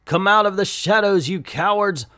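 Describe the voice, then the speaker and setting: A man's voice: high-pitched, normal speed, bright, forceful tone, no echo, clean studio sound, pitched above the performer's own voice. A man reading the lines of a proud winged alien woman warrior in a defiant, challenging tone.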